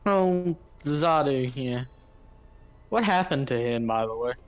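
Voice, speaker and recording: A man chatting casually on a multiplayer game voice call, in a playful, drawn-out way. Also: medium pitch, expressive. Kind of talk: casual gaming voice chat.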